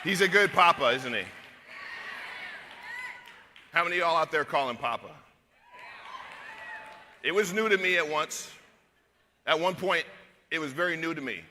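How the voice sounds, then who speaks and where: High-voiced man shouting at a rally. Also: lively intonation, normal speed, long pauses. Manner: shouting, leads crowd chants. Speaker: guest speaker at a youth conference. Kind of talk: energetic rally speech. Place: large hall with a live crowd. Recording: reverberant hall, loud crowd noise.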